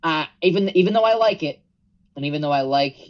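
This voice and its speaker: A man chatting casually on a wrestling podcast, excitable, swearing freely and laughing often. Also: fairly high pitch, fast, lo-fi sound. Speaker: podcast co-host. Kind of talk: casual wrestling review chat.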